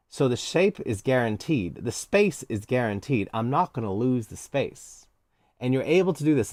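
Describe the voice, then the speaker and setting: A man's voice: medium pitch, dry recording, studio quality. An American man teaching cello in a live online lesson, encouraging and hands-on as he counts out cues.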